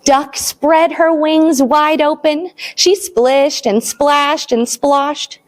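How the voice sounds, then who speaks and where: High, slow-reading children's librarian woman. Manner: animated, expressive reading for small children. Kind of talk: storytime read-aloud.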